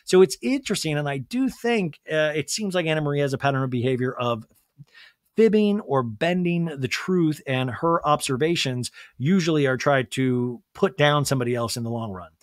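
A lively, gossipy man talks through a reality TV recap as a podcast host, with his voice sitting a little high and swinging all over. He acts out the people he quotes and swears freely. The sound is close and dry. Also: moderate pace, no room sound. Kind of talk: casual reality-TV recap commentary.

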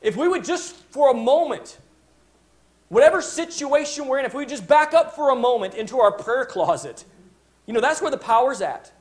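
A man's voice: very high-pitched, lively intonation, moderate pace. A man preaching a sermon as pastor, emphatic, stopping to restart phrases and asking his congregation "Amen?".

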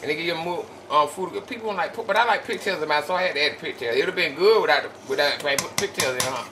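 A worn-out man cooks casually in his home kitchen for his channel, talking folksily to viewers as "y'all." He speaks very fast in a voice on the high side, picked up from afar in an echoey room with background noise.

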